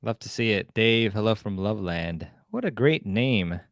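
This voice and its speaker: Smooth-voiced man from Canada hosting a live stream. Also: on the low side, lively intonation, normal speed, dry recording, studio quality. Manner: casual, laughing, reads viewer comments. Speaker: host.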